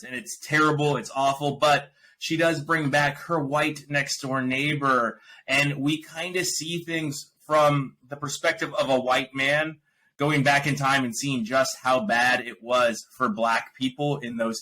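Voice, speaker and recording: Animated bright-voiced man ranting. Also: medium pitch, low-quality recording. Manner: animated, ranting, laughs often. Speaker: podcast host reviewing films and shows. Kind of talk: casual review chat.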